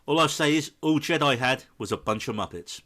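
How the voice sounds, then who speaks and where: A man co-hosting a film podcast, telling a scene with lively, acted-out quotes. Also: fairly high pitch, a little fast. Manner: animated storytelling, acts out quoted lines. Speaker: podcast co-host. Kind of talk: casual film chat.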